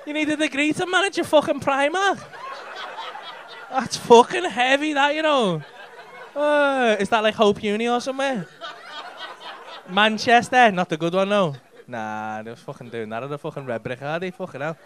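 A man's voice: very high voice, expressive, moderate pace, fairly bright tone. A male stand-up comedian, doing sweary, mock-exasperated crowd work on a comedy club stage.

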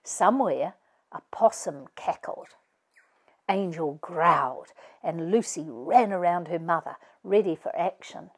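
Slow expressive woman storyteller. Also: on the low side, breathy edge. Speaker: author reading her book. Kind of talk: family read-aloud narration.

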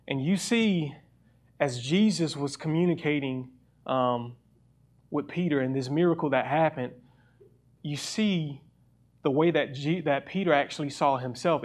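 A young man with a fairly high voice preaches a sermon. He talks in an earnest, personal way and stops to restart his phrases as he works through his thoughts. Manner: reads scripture aloud faster.

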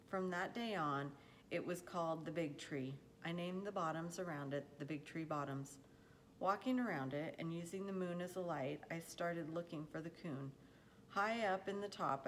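A woman with a low voice reads a chapter of a novel aloud, unhurried and plain, now and then tripping over a word and starting again. A faint hiss sits under her voice. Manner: unhurried storybook reading with occasional stumbles and self-corrections. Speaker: reader.

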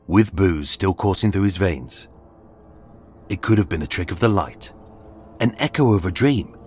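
A man narrating a true-crime story in a measured, dramatic scripted style. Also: sits low, lively intonation, a little mellow, a little hiss or hum. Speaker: podcast narrator. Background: faint music.

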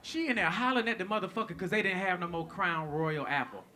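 A man doing stand-up comedy, telling a story in an animated, profane way and acting out the lines of people in it. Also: high-pitched, fast, a little hiss or hum. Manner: animated, profane, acts out quotes.

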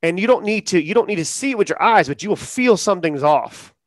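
A man talking casually as a podcast guest, acting out quotes in lively storytelling. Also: sits high, fast, no echo, studio quality. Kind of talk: casual interview talk.

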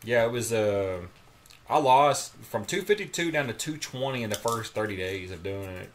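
A man's voice: medium pitch, expressive, moderate pace, a little hiss or hum. A man chatting as a guest, rambling with many restarts. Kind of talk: casual chat.

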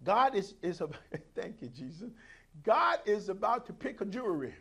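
High-voiced preaching man. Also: sing-song, normal speed, a bit bright, breathy edge. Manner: preaching with call-outs, acting out quoted voices. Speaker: pastor. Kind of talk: sermon.

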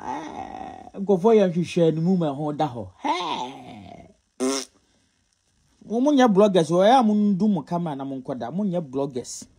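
A man's voice: sits high, big pitch swings, measured pace, vocal fry, pauses often, mellow, husky. A Ghanaian man giving casual gossip commentary, mocking and scolding as he mixes Twi and English. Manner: scolding, mocking, often laughing.

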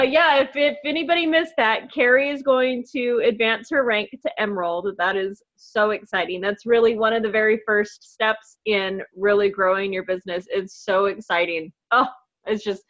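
A woman leading a casual team video call, bubbly and excitable, talking in a chatty, enthusiastic way. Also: fairly high pitch, dull audio. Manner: bubbly, excitable, quick to laugh. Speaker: team leader on a coaching call. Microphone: video call microphone.

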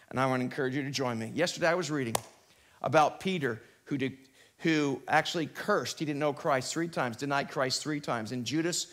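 A man preaching a sermon in a church, animated and conversational, with quick asides and frequent restarts. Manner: animated preaching, often rising in pitch and volume. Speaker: pastor. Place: church sanctuary, live broadcast.

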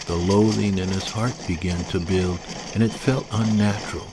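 A man narrating a historical novel in a measured, grave storytelling manner. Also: low-pitched, fairly even intonation, noisy background. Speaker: author and narrator. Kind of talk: scripted audiobook narration.

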